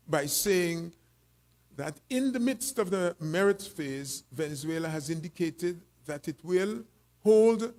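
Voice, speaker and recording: A man giving a formal, measured panel talk, slightly out of breath, pausing often with fillers. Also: fairly high pitch, a little mellow. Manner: measured, with frequent pauses and fillers. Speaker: panel speaker.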